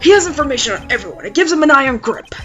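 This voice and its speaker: A woman's voice: high voice, big pitch swings, very fast, dull audio, soft background music. A woman voicing an older male lawyer with a put-on Southern US accent, fatherly, fussy and old-fashioned in speech. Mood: troubled.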